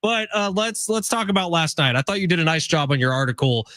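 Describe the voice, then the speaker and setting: Sports radio host, male, laid-back chatty questioner, slightly higher voice, dry close studio sound. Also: lively intonation, quick pace, fairly bright tone, no room sound. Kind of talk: casual sports talk.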